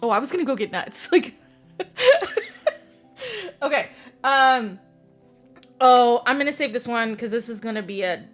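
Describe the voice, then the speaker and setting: A young woman hosts a casual book chat in a fairly high voice. She talks in an animated way, breaks into frequent laughter and acts out the scenes she describes. Faint music plays underneath. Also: a little slow, pauses often. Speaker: podcast host. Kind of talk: casual chat about books.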